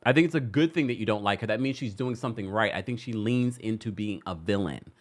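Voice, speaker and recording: Talking fast in a lowish voice, this man hosts a celebrity gossip show and riffs casually to a live chat. He teases playfully and laughs a lot.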